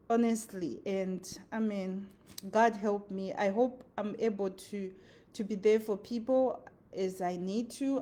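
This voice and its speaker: A woman's voice: fairly high pitch, darkish tone. A woman with a Nigerian accent giving an earnest, chatty motivational talk, laughing often and repeating phrases for emphasis. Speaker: vlogger.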